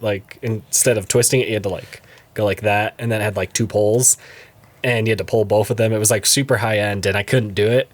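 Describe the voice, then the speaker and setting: A young man co-hosting a podcast in casual chat, laughing often and jumping into high mocking voices. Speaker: podcast co-host.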